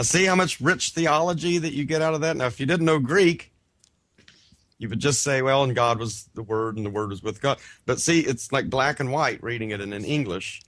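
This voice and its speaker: A man co-hosting a Bible Greek study show. He reads from a grammar textbook in measured phrases, sounds out Greek words slowly, and breaks off into chatty asides. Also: on the low side, fairly bright tone, dry recording. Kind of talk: reading a grammar textbook aloud and explaining it.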